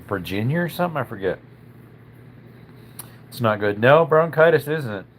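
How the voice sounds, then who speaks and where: Man, live-stream host, relaxed chatty talk, slightly under the weather, mid-pitched voice. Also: normal speed, a little hiss or hum. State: slightly under the weather, with a tickle in his throat. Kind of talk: casual live-stream chat reading viewer comments.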